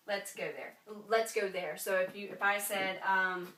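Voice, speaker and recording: Bright teacher in an echoey room. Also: female voice, medium pitch, fairly even intonation, brisk, hardly any pauses, far from the mic. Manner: chatty, many ums and rights. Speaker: French teacher. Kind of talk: classroom lesson.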